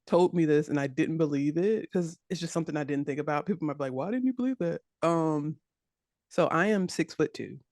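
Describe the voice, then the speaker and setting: A woman with a Southern US accent, chatting as a podcast guest, animated and laughing often as she acts out what people said. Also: deep voice, fairly quick, no room sound, clean studio sound. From United States. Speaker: podcast guest, web developer. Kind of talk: casual interview chat.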